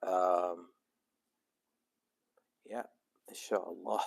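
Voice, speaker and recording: A man's voice: deep voice, level tone, very slow, vocal fry. A middle-aged man, a sheikh, chatting casually and jokingly with teenagers in a mosque youth program. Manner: easygoing and joking. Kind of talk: casual chat with teens.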